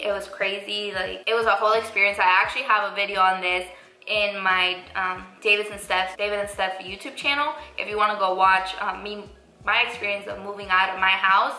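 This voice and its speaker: A woman's voice: medium pitch, sharp tone. A young woman vlogger casually telling a story, chatty and full of "like" and "I was like". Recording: echoey room.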